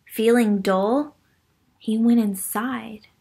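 A woman reading a picture book aloud to children, gently stopping to ask them questions. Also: on the high side, steady tone, slow pace, gravelly, husky. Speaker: children's story reader. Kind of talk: read-aloud storytime for children.

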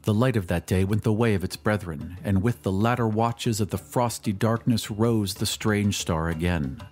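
A man giving a measured, dramatic audiobook narration of a classic story. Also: lowish voice, a little mellow. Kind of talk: scripted narration. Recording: faint music bed under narration.

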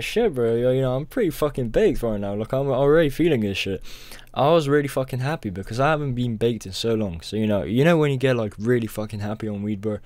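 A man's voice: medium pitch, darkish tone, dry recording. A young man telling a rambling, profane storytime as a vlogger, peppering his talk with "bro". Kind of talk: casual storytime.

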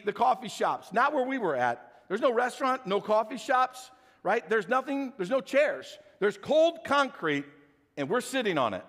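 Animated pastor telling a story in a big hall. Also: male voice, sits high. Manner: animated, jokey, talks straight to the congregation. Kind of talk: sermon storytelling. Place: church sanctuary.

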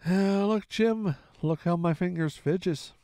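A man voicing a sick, drunken old male sea captain who talks slowly in a gruff sailor's drawl for a storybook reading. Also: a little high, big pitch swings, a little mellow, no echo, clean studio sound. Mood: pleading. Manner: slow, gruff sailor talk with heavy drawl. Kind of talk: audiobook reading.

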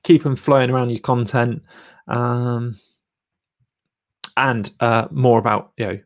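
A man's voice: mid-range voice, steady tone, takes it slowly. A man hosting a live stream, reviewing a viewer's channel in a rambling, encouraging way full of fillers. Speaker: YouTube channel coach and host.

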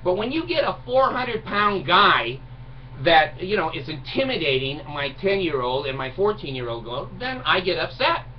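Middle-aged vlogger, animated mocking rant, recorded far off with faint hiss. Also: male voice, high voice, moderate pace. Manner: mocking, indignant, laughs at own jokes. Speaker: video blogger. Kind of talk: ranting monologue. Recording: distant mic, dull lo-fi sound, faint noise.

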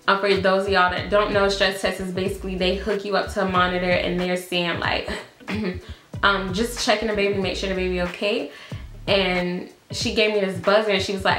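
An early-20s woman vlogger tells a casual storytime, chatty and laughing, full of "like" and "y'all." Her medium-pitched voice has a sharp tone and sounds reverberant.

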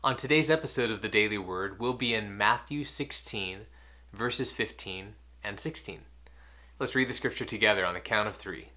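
A man hosting a daily devotional, teaching earnestly and repeating key questions for emphasis, slowing and softening on key points. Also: lowish voice.

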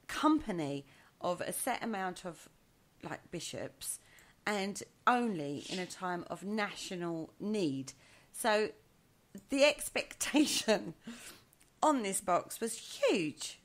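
Animated woman co-host. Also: medium pitch, takes it slowly, long pauses. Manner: animated, laughs often, leads the topic. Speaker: podcast co-host. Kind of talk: casual chat.

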